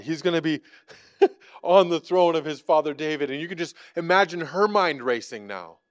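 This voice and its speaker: A man's voice: fairly high pitch, lively intonation, moderate pace, smooth, dry recording. A man preaching a casual, conversational sermon, filling it with "like" and acting out the lines he quotes. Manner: acts out quoted lines from scripture. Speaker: pastor.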